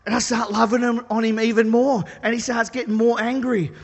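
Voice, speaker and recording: Man, preacher, sermon, high voice, lively self-mocking storytelling, reverberant hall. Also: fairly quick, husky. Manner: animated, self-deprecating storytelling. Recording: long reverb of a large hall.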